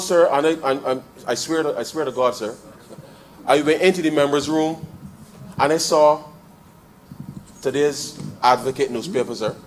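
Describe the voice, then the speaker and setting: A member of parliament with a Barbadian accent and a medium-pitched voice gives a debate speech in the chamber, addressing the chair as "sir" in almost every phrase. He repeats lines as he builds to forceful points, with a little hiss or hum on the recording.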